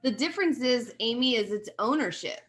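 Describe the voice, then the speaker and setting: A woman's voice: on the high side, animated, a little fast, fairly bright tone. Woman coaching on a video call. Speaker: fitness group coach.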